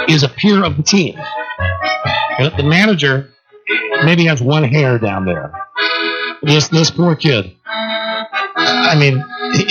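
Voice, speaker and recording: Over a dull, lo-fi radio broadcast, a man hosting talk radio spins a lengthy solo tale, voicing its characters with animated energy. He speaks at a medium pitch.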